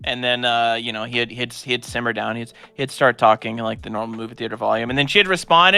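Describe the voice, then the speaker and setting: A man's voice: mid-range voice, animated, fairly quick, hardly any pauses, sharp tone, no room sound, soft background music. A young man co-hosting a stream, chiming in with blunt, jokey remarks in casual chat. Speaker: streamer co-host.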